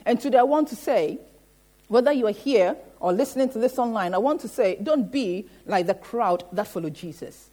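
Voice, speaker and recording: A woman preaching a sermon in a church, often pausing to ask the congregation "Amen?" and building her points through repetition. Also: a little high, animated, mellow. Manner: rhetorical, repeats "Amen?" to the congregation.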